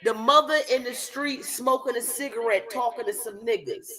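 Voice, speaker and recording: A woman comedian on a live stream, telling a loud, profane, rambling story. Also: on the high side, normal speed.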